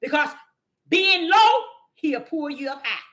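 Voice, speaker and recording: A woman preaching an impassioned sermon in a fervent, scolding manner that rises to shouting. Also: high-pitched, lively intonation, unhurried. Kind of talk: impassioned street-style sermon.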